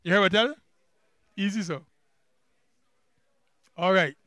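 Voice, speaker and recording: A man with a Barbadian accent leading a church camp Bible workbook lesson, quizzing the class with quick questions and emphatic repeats. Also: high voice, pushed and bright, no echo. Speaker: Bible study teacher.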